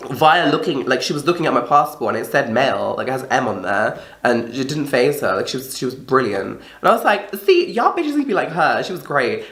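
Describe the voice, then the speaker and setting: A young woman telling a story in a casual, chatty vlog, swearing often and acting out the people she quotes. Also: extremely low pitch. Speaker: vlogger. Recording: echoey room.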